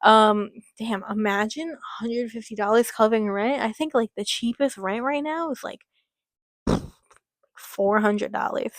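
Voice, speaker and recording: Young woman reading a scary story out loud, giggles and rambles a lot, a bit high voice, dry close sound. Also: measured pace, no room sound. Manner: giggly, rambling asides with filler words. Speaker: story reader. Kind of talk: reading a story aloud with commentary.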